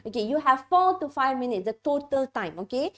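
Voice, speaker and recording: A woman's voice: high-pitched, big pitch swings, a little fast. A female English teacher from Malaysia gives an exam-prep lesson and checks in with "okay" and "right".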